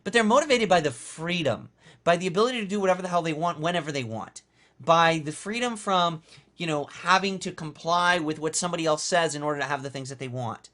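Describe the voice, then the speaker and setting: A man's voice: on the high side, fast talker, pushed and bright. A man giving a motivational talk as a business coach, emphatic and conversational, and he repeats phrases for effect. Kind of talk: motivational talk recapping a webinar.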